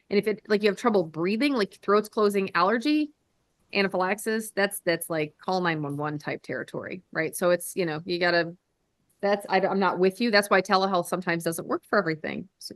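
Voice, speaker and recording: A woman's voice: on the low side, a bit bright, dry recording. A woman hosting a telehealth livestream, chatting casually and joking at her own expense, with the odd swear.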